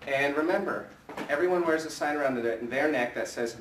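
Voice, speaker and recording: A man's voice: on the high side, moderate pace, fairly bright tone. A man leading a live sales training in front of a group, coaching energetically and asking the room questions. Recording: echoey room from a distance with faint ambience.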